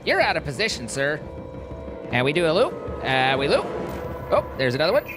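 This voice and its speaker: A man's voice: on the high side, huge pitch swings, fairly quick. A man streaming a game, chatting casually with viewers and reacting to the gameplay. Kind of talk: casual live-stream commentary. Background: game music.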